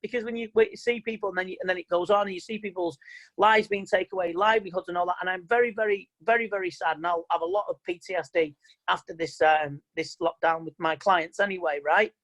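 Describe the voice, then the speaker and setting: A man's voice: high voice, steady tone, quick pace, fairly bright tone, rough recording. A man giving an online motivational seminar as a mind coach, talking in an emphatic, plain-spoken and repetitive way over a video call.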